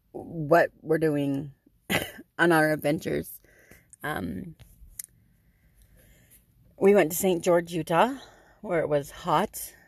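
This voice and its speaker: A middle-aged woman tells a story in a casual, chatty way, with lots of ums and dry sarcasm. Her voice sits low and has a gravelly fry. The sound is close and dry, with no room around it. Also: no room sound. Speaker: podcast host.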